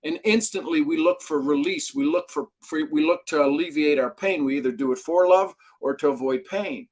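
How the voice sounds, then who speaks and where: A middle-aged expert guest in an interview tells stories energetically, acting out the quoted dialogue. He speaks at normal speed in a slightly high voice with vocal fry.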